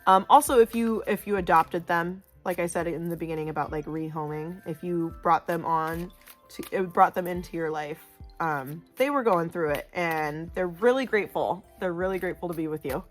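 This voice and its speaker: A woman giving a casual pick-a-card tarot reading, chatty and loud, with lots of "like" and "you know". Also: fairly low pitch, moderate pace, faint music behind. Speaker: tarot reader.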